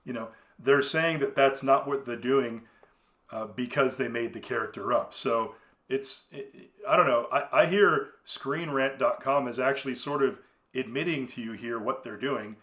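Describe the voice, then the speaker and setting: A man's voice: medium pitch, moderate pace, fairly bright tone. A man hosting a solo commentary podcast, talking in a rambling, conversational way full of fillers and restarts. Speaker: podcast host.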